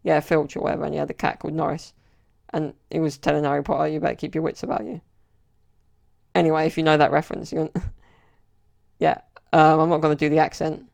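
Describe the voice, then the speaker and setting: Flat, gravelly British man chatting. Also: on the high side, quick pace. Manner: rambling storyteller, many fillers. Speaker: podcast host. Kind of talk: casual solo podcast chat.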